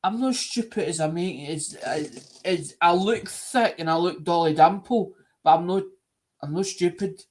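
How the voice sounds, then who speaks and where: High-voiced rambling Scottish man. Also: measured pace. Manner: rambling, repeats himself, earnest. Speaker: live stream host. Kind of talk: casual live stream chat.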